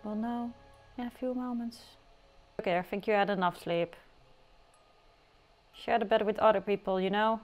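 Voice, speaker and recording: Her voice mid-range and steady, a woman speaks at normal speed with long pauses while casually commentating on her life simulation gameplay. She's chatty and teasing, prone to playful outbursts, over faint background music.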